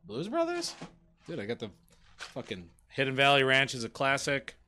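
A man co-hosting a casual gambling stream, loud and rambling, swearing freely as he chats with friends. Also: mid-range voice, huge pitch swings, moderate pace, a little hiss or hum. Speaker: podcast co-host. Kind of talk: casual banter while playing slots.

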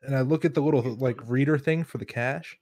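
A man's voice: mid-range voice, fairly even intonation, brisk, a little mellow. A young man casually telling a rambling story among friends, swearing freely. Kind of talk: casual chat.

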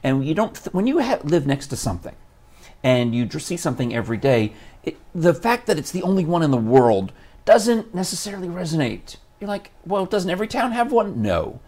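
Playful, lively morning show host man. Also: on the high side, brisk. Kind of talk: casual morning show chat.

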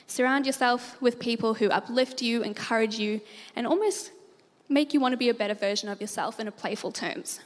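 A woman giving a church talk, animated and laughing easily as she tells stories. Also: on the high side, long reverb tail. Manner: animated storyteller, laughs often. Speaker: church speaker.

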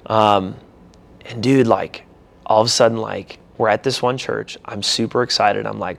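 A young man, a pastor and church founder, telling his story in a casual interview, animated and slangy, acting out his own reactions. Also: lowish voice, normal speed, vocal fry.

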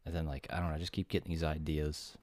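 A man's voice: very deep voice, quick pace, dry recording, studio quality. A man co-hosting a casual podcast, telling stories animatedly with swearing and mocking asides. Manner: animated storyteller, swears, rises into mocking quotes. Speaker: podcast co-host.

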